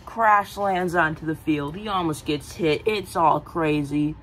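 A woman casually pitching a film idea, rambling with many fillers and giggly asides. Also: unhurried, a little hiss or hum, poor audio. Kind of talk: casual movie-pitch chat.

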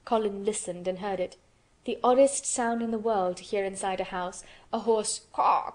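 A woman narrating a classic storybook aloud in a steady, measured way. Her voice sits at a middling pitch for a woman, calm and even in delivery. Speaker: audiobook narrator. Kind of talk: scripted narration.

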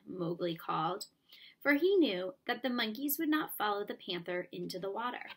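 A woman reading a storybook aloud, lively and expressive. her voice sits a little higher than most. the narration moves along with plenty of feeling. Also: slightly rough. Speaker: audiobook reader.

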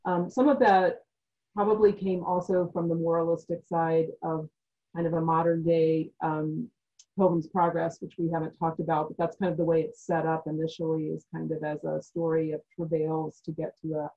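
A woman on a discussion panel, talking in a measured academic way and thinking aloud with frequent pauses. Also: deep voice, little pitch movement, vocal fry, warm tone, dull audio.

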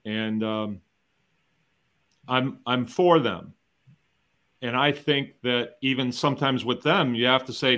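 A man's voice: medium pitch, slow pace, pauses often, fairly bright tone. A middle-aged American man in a round-table chat, talking in an emphatic, conversational way. He often asks rhetorical questions and repeats or restarts his words as he thinks aloud. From United States. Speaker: guest farmer and educator.

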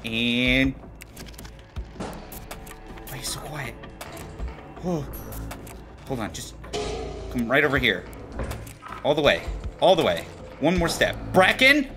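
A man hosting gameplay in voice chat, excitable and jokey, swearing often. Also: medium pitch, slow pace, pauses often, music in the background. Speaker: gameplay video host. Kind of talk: gaming voice chat.

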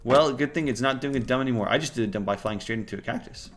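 A young man streaming a video game with a friend, joking and bursting into loud yelps. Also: mid-range voice, very fast. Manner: excitable, jokey, swings to loud yelps. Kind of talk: casual gaming chat. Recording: faint game music behind.

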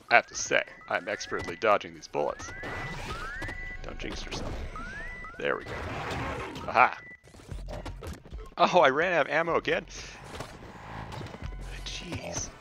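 A young man giving casual let's-play commentary, talking to the game's creatures and swinging between loud outbursts and mumbling. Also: mid-range voice, very animated, takes it slowly, long pauses. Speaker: gameplay commentator. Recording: game music behind the voice.

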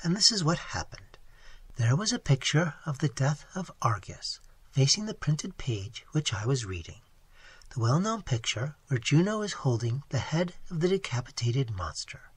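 A reader voicing a candid young waitress. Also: female voice, rumbling low, sing-song, moderate pace, husky, no room sound, full character voice. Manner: candid, good-humored storytelling. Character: earnest young waitress telling her tale. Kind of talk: audiobook narration.

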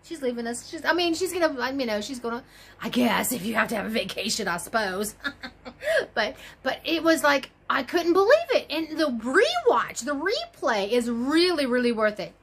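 A rambling woman crochet vlogger talks casually from home, gushing and exclaiming as she jumps between thoughts. Her voice sits a little high for a woman. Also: big pitch swings, normal speed, fairly bright tone, slightly rough. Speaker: crochet YouTuber. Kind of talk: casual chatty vlog.

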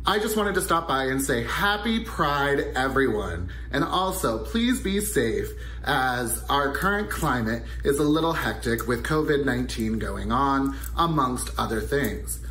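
A man's voice: medium pitch, lively intonation, measured pace, hardly any pauses, sharp tone. A man giving an upbeat, prepared video greeting. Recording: echoey room, faint background noise.

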